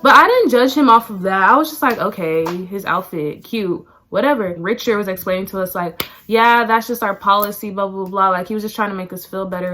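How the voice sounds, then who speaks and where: A teenage girl from Texas, chatty and animated, telling a storytime vlog with lots of "like" and "y'all". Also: medium pitch, brisk, hardly any pauses, faint music behind. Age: teens. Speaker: vlogger.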